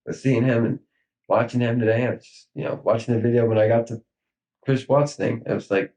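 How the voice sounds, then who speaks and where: A man in his thirties speaking in a recorded police interview, halting and grief-stricken, with many fillers and trailing pauses. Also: mid-range voice, steady tone, darkish tone, low-quality recording. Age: 30s.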